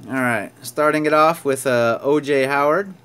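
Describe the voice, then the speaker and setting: Smooth and a bit bright, this man's medium-pitched voice moves at normal speed as he casually narrates opening sports card packs. He's chatty, reading out each card name with small laughs.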